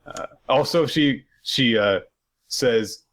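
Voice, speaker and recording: A man's voice: medium pitch, takes it slowly, a bit bright. A man co-hosting a podcast, recapping in loose, rambling casual chat with lots of fillers and joking profanity. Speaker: podcast co-host.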